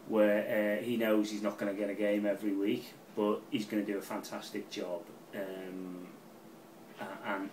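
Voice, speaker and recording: Scouse fan-channel pundit, middle-aged, excitable and sweary, a bit distant with faint background hum. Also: male voice, fairly low pitch. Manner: rambling, excitable, swears freely. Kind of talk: casual match preview. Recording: roomy, off-mic with faint ambience.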